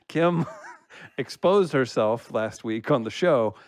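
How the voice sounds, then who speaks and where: A man's voice: medium pitch, animated, slow, dry recording, studio quality. A man reading out listener comments on a casual comedy podcast, laughing easily and teasing the hosts.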